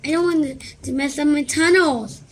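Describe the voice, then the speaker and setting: A woman voicing a calm, earnest young boy who explains things patiently, with small stumbles. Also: high voice, normal speed, slight background noise, voice pushed up.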